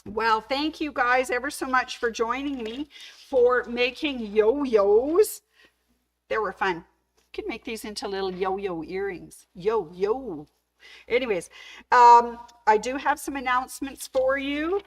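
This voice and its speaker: A woman's voice: on the high side, takes it slowly, poor audio. A woman hosting a casual sewing shop video, chatty and enthusiastic as she shows off patterns, gushing over how cute everything is. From Canada. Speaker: sewing store host. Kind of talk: casual show-and-tell demo.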